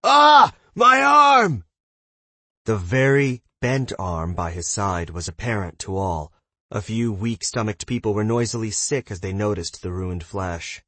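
A man's voice: moderate pace, dry recording. A man narrating a fantasy novel as an audiobook reader, doing the characters' voices himself. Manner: reads narration evenly, voices characters with shouts and raised pitch.

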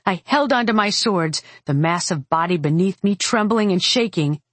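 A woman's voice: on the low side, animated, normal speed, no room sound. A woman narrating a first-person audiobook with an intense, dramatic reading.

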